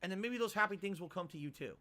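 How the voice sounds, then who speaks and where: A man's voice: high-pitched, rapid-fire, bright, forceful tone. A man streaming games, chatting casually to his viewers and cooing at his cat. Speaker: game streamer. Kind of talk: casual livestream chat.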